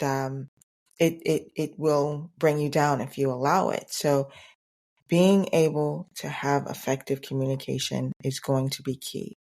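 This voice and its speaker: A woman hosting a solo podcast, speaking earnestly and reflectively at an unhurried pace, often repeating phrases for emphasis. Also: a bass voice, creaky, a little mellow. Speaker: podcast host.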